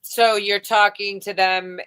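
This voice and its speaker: A woman's voice: mid-range voice, little pitch movement, slow, fairly bright tone, clean tone. A woman hosting a casual chat, asking curious questions in a chatty way and swearing now and then. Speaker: podcast host.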